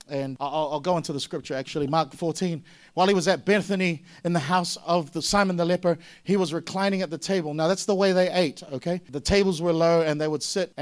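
A middle-aged man from Samoa delivers a sermon with a high-pitched voice. He talks in a lively way and jumps into acted-out voices that get loud and sharp. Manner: animated, acts out voices with sudden loud high bursts. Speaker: pastor.

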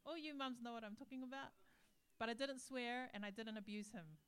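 A woman's voice: fairly high pitch, a little fast, a bit bright, smooth. A woman preaching a sermon, telling a personal story with humor and acting out what people said.

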